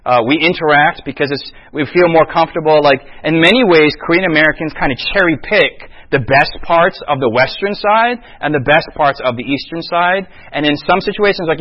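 Animated man preaching, lo-fi sound. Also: fairly high pitch, brisk, few pauses. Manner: animated, acts out quoted speech with call-and-response "Amen?". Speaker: pastor. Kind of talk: seminar talk to a congregation. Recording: dull lo-fi recording.

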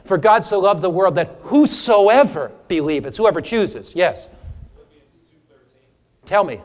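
A man teaching an interactive sermon to a church audience, humorous and animated, quizzing listeners for Bible verses. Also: sits high, takes it slowly, big-room sound. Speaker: preacher teaching a seminar. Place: church or hall before a live audience.

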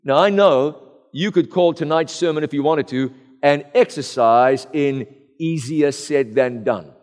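A man's voice: fairly high pitch, measured pace, a little mellow. A middle-aged man preaching a sermon in an earnest, rhetorical style, addressing the congregation directly. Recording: long echo of a large hall.

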